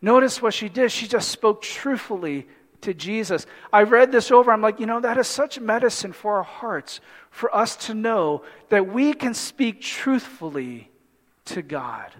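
A man preaching a sermon in an animated way, with humorous asides and acted-out voices from the story. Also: high-pitched, a little slow. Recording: long hall reverb.

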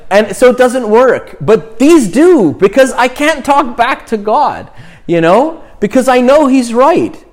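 A man's voice: very high-pitched, big pitch swings, unhurried. A man, a young priest, giving an informal, chatty talk on prayer, often checking in with "right?" and "you know".

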